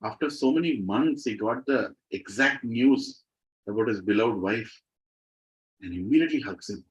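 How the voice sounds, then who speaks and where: A man telling devotional stories to a group, animated and asking the audience questions. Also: mid-range voice, moderate pace. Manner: lively, animated storytelling, asks audience questions. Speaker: devotional speaker. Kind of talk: devotional storytelling talk. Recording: slightly muffled recording.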